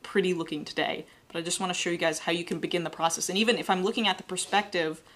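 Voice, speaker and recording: A woman teaching a live drawing class, explaining in a relaxed, chatty way while she sketches. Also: on the low side, racing. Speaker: art instructor.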